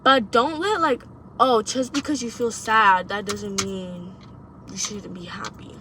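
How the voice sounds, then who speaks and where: Bright-voiced young woman, blunt and profane. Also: mid-range voice, fairly even intonation, unhurried, a little hiss or hum. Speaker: vlogger giving advice. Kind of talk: casual monologue to camera.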